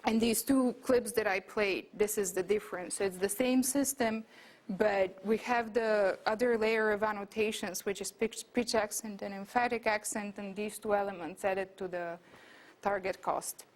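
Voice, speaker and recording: Woman giving an academic lecture, halting. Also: medium pitch, fairly even intonation. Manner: thinking aloud, with frequent fillers and self-corrections. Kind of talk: academic talk with slides. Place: lecture room.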